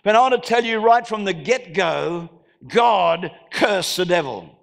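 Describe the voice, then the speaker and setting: In a church hall, a high-pitched Australian man preaches as pastor with lively intonation, an unhurried pace and vocal fry. He addresses the congregation directly and climbs into shouted proclamations.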